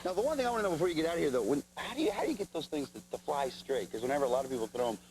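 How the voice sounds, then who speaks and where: A man's voice: a little high, big pitch swings, rapid-fire, a little mellow. A man hosting a TV show, interviewing a guest with enthusiasm and frequent restarts. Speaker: TV show host. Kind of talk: upbeat TV host interview. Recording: noisy late-1980s TV broadcast.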